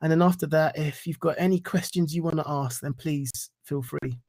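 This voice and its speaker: A man giving a reflective talk and reciting spoken-word poetry in an earnest, rhythmic way with deliberate pauses. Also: fairly high pitch, a little mellow. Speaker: guest speaker.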